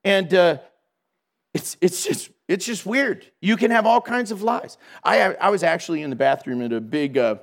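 A middle-aged man giving a storytelling sermon in a lively, conversational way, laughing at himself. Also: high-pitched, normal speed, gravelly. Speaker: Christian speaker.

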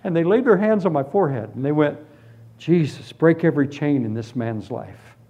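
A man telling his conversion story as a sermon, with lively storytelling that moves from hushed tones to shouted praise. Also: fairly high pitch, moderate pace, highs cut off. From Florida, US. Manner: animated storytelling, drops to hushed tones then bursts into shouts. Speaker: preacher giving testimony. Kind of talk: testimony sermon.

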